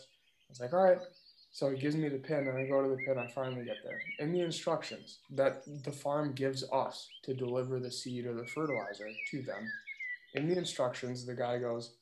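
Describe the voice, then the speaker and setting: A man who drives a delivery truck, telling a work story in animated casual chat. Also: mid-range voice. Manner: animated, vivid retelling. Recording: roomy echo with faint noise.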